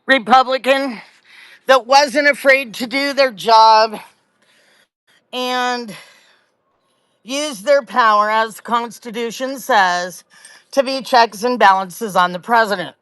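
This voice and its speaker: A woman's voice: fairly high pitch, slow, long pauses, fairly bright tone, no room sound. A middle-aged woman from Louisiana hosting a live political commentary stream, chatty and sarcastic, with many fillers and restarts.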